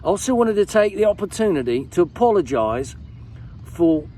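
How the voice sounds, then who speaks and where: A man's voice: high-pitched, very animated, normal speed, mellow, slight background noise. A man putting on an exaggerated, off-target British accent to read a letter as its British writer, hamming it up playfully. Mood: hammy, playful. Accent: put-on British, admittedly off. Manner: playful, hammy, laughing through it.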